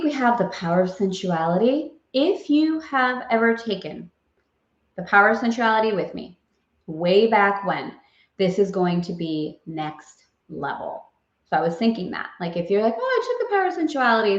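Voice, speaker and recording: A woman hosting a casual live stream, gushing and bubbly, laughing often as she chats with viewers. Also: lowish voice. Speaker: host. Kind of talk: casual livestream chat. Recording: roomy, dull lo-fi sound.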